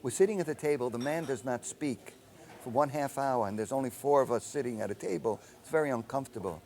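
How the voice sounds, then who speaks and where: An older man and composer telling anecdotes in an interview, animated and acting out the dialogue he quotes. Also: mid-range voice, fast. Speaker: film composer.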